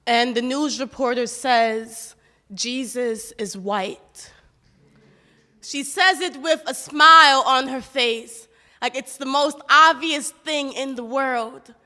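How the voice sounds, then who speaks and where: A high-pitched, bright-voiced woman performs spoken word poetry with rhythmic, impassioned phrasing. Her voice rings out with a long hall reverb behind it. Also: takes it slowly. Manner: rhythmic, impassioned, rhetorical questions.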